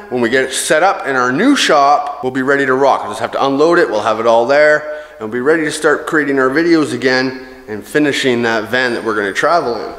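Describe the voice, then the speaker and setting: A man chatting excitedly to the camera for his vlog, emotional and talkative, in an empty house. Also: fairly high pitch. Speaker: vlogger. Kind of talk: casual vlog talk to camera. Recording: echoey empty room, music behind.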